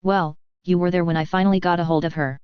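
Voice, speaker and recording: Teenage schoolgirl, read by a narrator, dry humor, teasing, smooth clear voice. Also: medium pitch, steady tone, fast talker, no room sound, muffled recording, close to an everyday voice.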